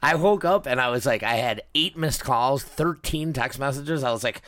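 A man chatting casually as a podcast co-host, relaxed and casually profane. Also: mid-range voice, normal speed. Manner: relaxed, swears casually, brief replies. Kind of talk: casual chat.

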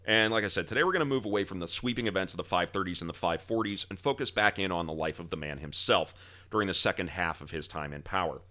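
A lower-pitched man hosts a podcast, his voice bright and forward. His pitch moves a lot as he jokes with his co-hosts, and he settles into measured storytelling when he narrates. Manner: laughing banter, then steady storytelling. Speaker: podcast host. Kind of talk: casual chat and history narration.

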